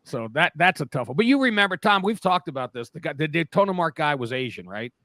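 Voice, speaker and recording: Fifties male co-host, bright, forceful voice, animated storyteller. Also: fairly high pitch, quick pace, no room sound, studio quality. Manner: animated storyteller who acts out quoted voices. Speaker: podcast co-host. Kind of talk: casual anecdote telling.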